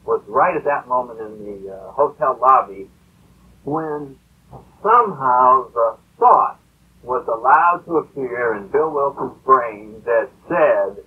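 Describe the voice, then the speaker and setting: A man's voice: mid-range voice, lively intonation, slow, husky. A man telling a story to a recovery meeting in a rambling, conversational way with many fillers. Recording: tinny lo-fi old tape.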